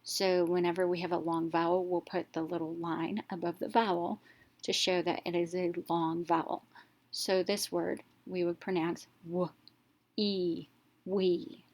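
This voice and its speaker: Slow, clear woman teaching reading. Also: fairly low pitch, flat delivery, darkish tone. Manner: slow, clear, step-by-step explaining, sounding out letters. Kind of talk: scripted narration of a reading lesson.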